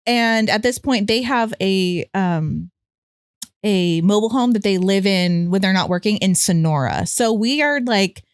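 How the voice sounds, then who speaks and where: A woman's voice: mid-range voice, expressive, unhurried, clean tone, dry recording, clean studio sound. A young woman co-hosting a podcast, telling a long personal story in casual chat, full of "like" fillers and swearing. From California. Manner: rambling, many "like" fillers, swears freely. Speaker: podcast co-host.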